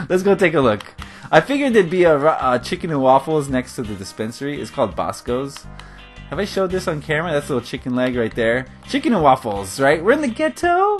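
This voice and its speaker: A man from California giving casual, rambling commentary on his game build, laughing often. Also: on the high side. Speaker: gaming video host. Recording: faint guitar music behind.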